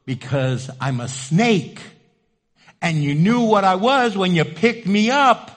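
A preacher voicing a sly snake in a story, speaking in a soft, pleading, hushed way. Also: male voice, sits high, animated, takes it slowly, big-room sound. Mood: matter-of-fact.

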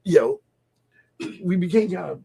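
Lively, laughing male radio host. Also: sits high, moderate pace, vocal fry, husky. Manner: animated, laughing often, acts out voices in quotes. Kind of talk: casual radio chat about faith.

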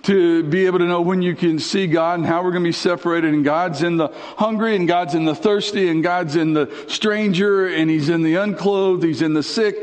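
A male pastor preaching a sermon in a conversational, dramatic way, sweeping up and down in pitch and dropping in slang. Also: steady tone, moderate pace, hardly any pauses, long reverb tail.

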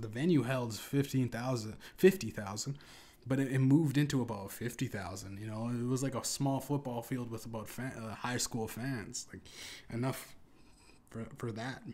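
A man's voice: mid-range voice, darkish tone. Rambling, profane young man telling a story. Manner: casual, profane, rambling with restarts. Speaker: podcast host. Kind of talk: deadpan comedic storytelling.

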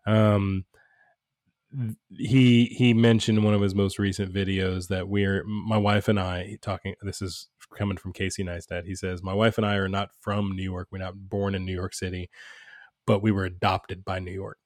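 A man co-hosts a podcast, chatting casually and explaining things at length. His low voice has little pitch movement, a moderate pace and a slightly mellow tone, in a clean studio recording with no room sound.

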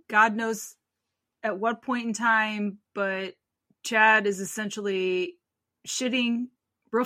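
Female podcast co-host with a bright, sharp voice; animated, drops to a murmur at the ends of lines. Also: medium pitch, no echo, studio quality. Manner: animated storyteller, trails off quietly at ends. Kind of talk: casual chat.

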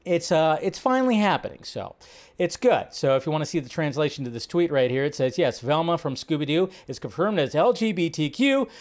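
A man hosting a live film news stream, talking casually and rambling with lots of fillers, his voice jumping up when he makes a point. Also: fairly quick. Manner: chatty, rambling, filler-heavy; animated, pitch jumps up when making a point.

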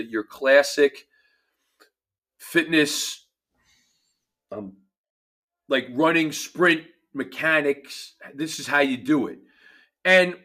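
A man's voice: medium pitch, fairly bright tone. A man with a New Jersey accent, a performance coach talking emphatically in a casual podcast chat, often restarting his phrases.

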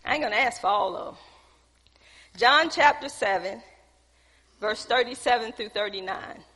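Woman, preacher, sermon, questions to the congregation, slightly husky, long hall reverb. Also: fairly high pitch, moderate pace, sharp tone.

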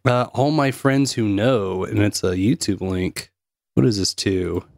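A man with a North Carolina accent co-hosting a stream, relaxed and laughing as he curses. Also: on the low side, unhurried, vocal fry, no room sound, clean studio sound. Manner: laid-back, laughing, cursing. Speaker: co-host. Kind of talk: casual chat on a live stream.

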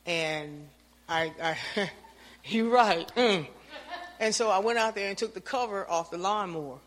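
A woman telling a lively, anecdotal testimony to her church, acting out the lines she and others said. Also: mid-range voice, measured pace, in a large hall. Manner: lively storyteller, acts out her own lines. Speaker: church member giving testimony.

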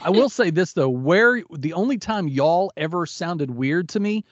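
A man's voice: high voice, animated, moderate pace, highs cut off. A man from the American South who co-hosts a podcast, speaking without an accent in a candid, wry, joking way. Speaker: podcast co-host. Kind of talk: casual chat.

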